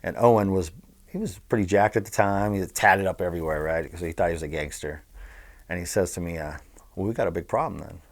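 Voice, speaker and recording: A man's voice: sits low, fast. A middle-aged man from Southern California telling blunt, profane stories as an interview guest. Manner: blunt, profane, animated storyteller. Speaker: interview guest, former bookmaker. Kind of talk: casual storytelling.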